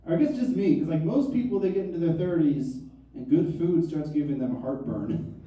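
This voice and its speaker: A stand-up comedian in his thirties tells wry, self-mocking stories on a comedy club stage, his voice a little high and warm at a normal speed. The recording sounds echoey, with the mic picking him up from far off.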